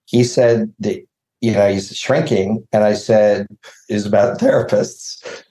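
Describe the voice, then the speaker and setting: A man's voice: lowish voice, steady tone, takes it slowly, dark tone. Rambling man on a video call, echoey. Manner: rambling, self-deprecating storyteller who laughs often. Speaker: showrunner guest. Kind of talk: casual podcast chat over video call.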